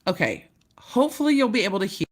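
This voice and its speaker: A woman's voice: medium pitch, very animated, fast talker. A woman legal commentator chatting casually on a live stream from a hotel room, laughing and joking at her own mishaps. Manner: chatty, laughing, self-deprecating.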